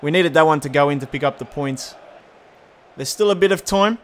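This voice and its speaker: A young man giving casual commentary over a football video game, chatty and getting excited at near-misses. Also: on the high side, a little fast. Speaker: gaming YouTuber.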